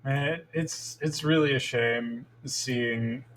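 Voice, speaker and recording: A man's voice: medium pitch, steady tone, slow, fairly bright tone, rough recording. A man co-hosting a casual gaming podcast, rambling with many fillers and restarts. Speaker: podcast co-host. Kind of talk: casual chat.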